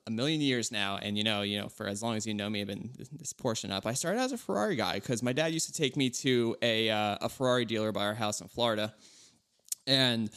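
Low-voiced guy in his 30s, chill podcast cohost rambling thru car stories. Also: fairly quick, clear, resonant tone. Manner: relaxed, rambling, animated storytelling. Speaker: podcast co-host. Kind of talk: casual podcast chat.

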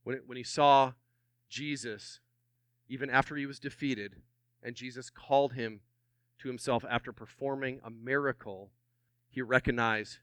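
A middle-aged man preaching a sermon as pastor, animated and drawing responses from his congregation. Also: mid-range voice, moderate pace, pauses often, smooth, dry recording.

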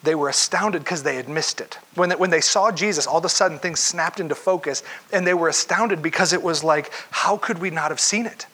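A man's voice: a little high, a little fast, hardly any pauses, sharp tone, low-quality recording. A young man preaching a sermon, telling Bible stories with acted-out voices and sometimes dropping to a whisper for emphasis. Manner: storytelling, acts out voices, drops to a whisper for emphasis. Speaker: pastor.

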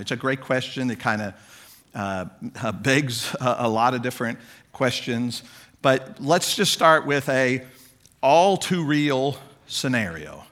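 A man's voice: medium pitch, expressive, measured pace, a bit bright. A middle-aged man, a pastor, giving a church parenting talk in a conversational way, often restarting his sentences. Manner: conversational, restarts often, chuckles now and then.

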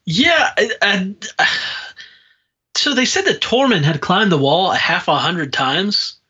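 A man's voice: high voice, very animated, slow, pushed and bright, slightly rough. A man co-hosting a podcast in casual chat, agreeable and full of questions. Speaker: podcast co-host. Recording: dull lo-fi mic.

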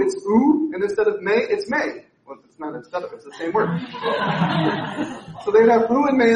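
A male pastor preaching a lively sermon, full of joking asides and repeated words. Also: extremely high pitch, far from the mic. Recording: echoey room, speaker away from mic.

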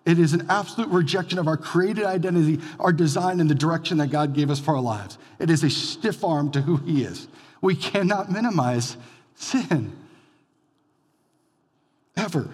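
A male pastor preaching a conversational sermon, rising to loud emphatic bursts and dropping to quiet lines. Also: on the high side, normal speed, husky, long reverb tail. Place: church sanctuary.

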